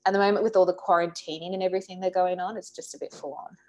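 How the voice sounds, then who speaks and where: A woman from Australia, a guest in a podcast interview, talking casually and warmly with frequent laughs. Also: on the low side, steady tone, rapid-fire. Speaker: podcast guest, dating expert.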